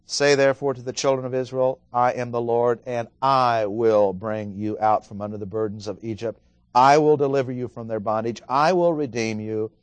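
Here a man teaches Bible study at a normal speed, his medium-pitched voice fairly even in intonation. He chats casually, asks listeners questions, and reads scripture with emphasis in a dry recording.

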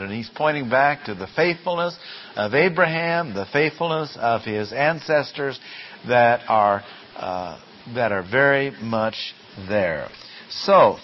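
Guy teaching a bible greek class, talks real slow, muffled old recording. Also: medium pitch, lively intonation. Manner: slow, deliberate, asks rhetorical questions. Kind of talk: classroom lecture.

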